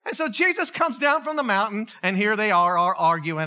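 A man's voice: high voice, normal speed. A middle-aged male pastor preaching a sermon, telling stories with animation and acting out the voices of the people in them. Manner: animated storytelling, acts out voices.

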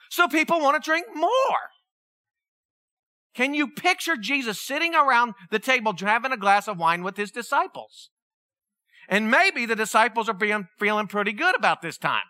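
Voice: medium pitch, pushed and bright, no echo, studio quality. A preacher, giving a sermon, telling the story vividly and asking the listeners questions. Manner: storytelling, acts out the people in the story; asks the listeners many questions.

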